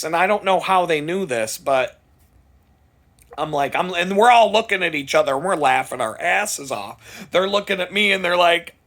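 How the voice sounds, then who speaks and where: A man telling a rambling, profane story in a casual vlog. He gets louder and higher as it builds. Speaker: vlogger.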